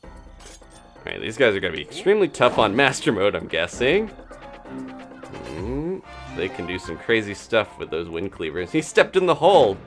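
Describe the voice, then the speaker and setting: A man's voice: low-pitched, big pitch swings, normal speed, long pauses, a bit bright, soft background music. A man streaming gameplay live, chatting casually to viewers and laughing often as he plays. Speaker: game streamer.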